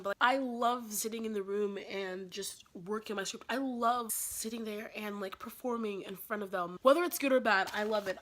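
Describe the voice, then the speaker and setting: A woman's voice: medium pitch, fairly bright tone, a little hiss or hum. A young adult woman telling a casual storytime vlog, chatty and filling her talk with "like". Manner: chatty, says "like" constantly. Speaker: vlogger.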